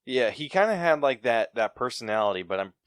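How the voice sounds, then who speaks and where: A man's voice: mid-range voice, sing-song, brisk, clean tone, no echo, studio quality. A man on a podcast chatting casually about a movie, laid-back and agreeable, hedging with fillers. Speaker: podcast co-host. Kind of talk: casual movie review chat.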